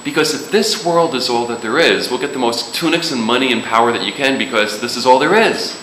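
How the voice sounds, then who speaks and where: A man's voice: medium pitch, brisk, sharp tone, slight background noise. A man preaching a sermon in a casual, joking way, with sudden emphatic rises. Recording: echoey room with faint ambience.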